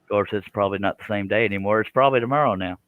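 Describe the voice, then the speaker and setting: A man's voice: lowish voice, rapid-fire, no echo, phone-quality sound. A man hosting a live stream, chatting casually with guests, joking and laughing often.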